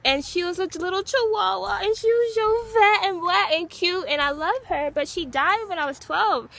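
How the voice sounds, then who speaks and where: A young woman from the Gulf Coast of Texas, telling a story in a casual vlog. She rambles, fills her talk with "like" and bursts into excited squeals. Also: very high voice, normal speed, creaky. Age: young adult. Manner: chatty and rambling, heavy use of "like". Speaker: vlogger.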